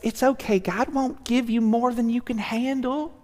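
A man's voice: very high voice, fairly even intonation, normal speed, a little mellow, pitched above the performer's own voice. A man putting on the voice of a sweet, consoling Southern church woman with a Southern US accent, in a reverberant hall.

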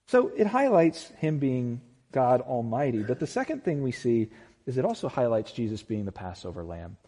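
A man preaching a sermon, conversational and animated, often turning to the listeners with questions and acting out the voices in the story. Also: medium pitch, normal speed, slightly rough, big-room sound. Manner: animated, acts out voices in quotes. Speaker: pastor.

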